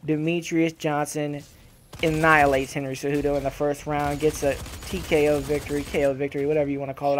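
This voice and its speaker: Young male host, casual fight recap, profane and animated, slightly high pitch, faint game noise underneath. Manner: profane, animated, trash-talking. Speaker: gaming channel host. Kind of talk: casual fight reaction commentary.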